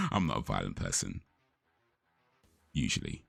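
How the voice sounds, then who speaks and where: A man's voice: deep voice, sharp tone. A young man chatting casually on a live stream, rambling through stories and laughing often.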